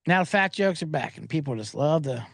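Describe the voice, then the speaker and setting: A man's voice: on the high side, lively intonation, moderate pace, vocal fry, no echo, clean studio sound. A man hosting a sports betting podcast, riffing sarcastically and profanely while reading viewer comments aloud.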